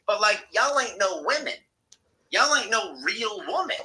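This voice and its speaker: A man hosting a live stream, talking casually in an animated, profane, ranting way. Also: sits high, unhurried, poor audio. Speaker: livestream host.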